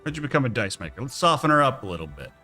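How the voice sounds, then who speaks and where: A male streamer talking over his game in a playful, animated way. His voice is bright and lively, with his pitch swinging a lot, and faint music plays behind him. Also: racing. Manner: animated, playful, reads dialogue aloud, laughs. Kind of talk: casual game let's play.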